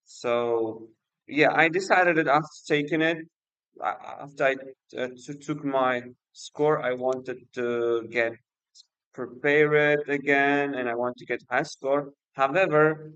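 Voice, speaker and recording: A man's voice: medium pitch, steady tone, slow pace, fairly bright tone, clean tone, no room sound, dull audio. A man hosting a casual livestream, speaking hesitantly with many fillers and restarts. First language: Uzbek. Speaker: livestream host and exam student.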